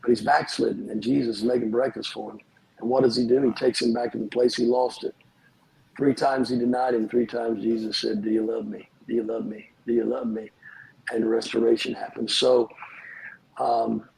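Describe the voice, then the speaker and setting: Man, pastor, gravelly voice, earnest storytelling, faint background hiss. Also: mid-range voice, darkish tone, rough recording. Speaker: pastor, podcast guest. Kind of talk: conversational storytelling on forgiveness.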